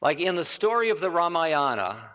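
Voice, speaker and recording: A man's voice: a little high, sing-song, moderate pace, sharp tone. A man giving a spiritual storytelling lecture in a rambling, conversational way, correcting himself and adding asides. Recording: reverberant 1980 hall recording.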